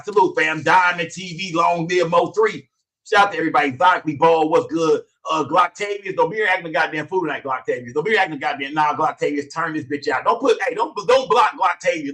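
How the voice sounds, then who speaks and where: A man hosting a livestream, reading chat names rapid-fire in loose, slangy, profane talk. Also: a little high, bright, forceful tone, recorded from a distance. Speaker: livestream host. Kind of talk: casual livestream commentary and chat shout-outs.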